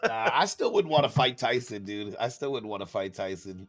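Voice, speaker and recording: A man's voice: mid-range voice, expressive, normal speed, a crowd in the background. A man joking and laughing in casual podcast banter. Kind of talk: casual chat.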